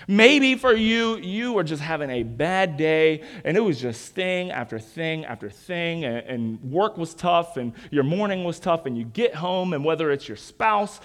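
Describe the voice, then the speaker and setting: A young male pastor preaching in a chatty, storytelling way, asking the congregation questions. His voice sits high and moves freely up and down, lively and expressive. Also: measured pace, few pauses. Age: 20s. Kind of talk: sermon.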